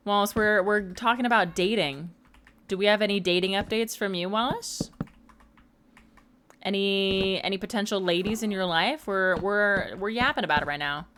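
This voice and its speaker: A woman's voice: medium pitch, normal speed, a bit bright, slight background noise. A woman in her mid-twenties chatting casually and teasing her viewers during a late-night gaming livestream. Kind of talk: casual chat while gaming.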